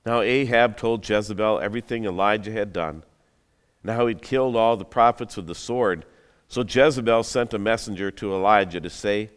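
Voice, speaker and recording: Delivering a sermon in a hall with long reverb, the pastor retells a story in a dramatic, conversational style, tossing in jokes along the way. His voice is clean, on the low side, at a normal speed.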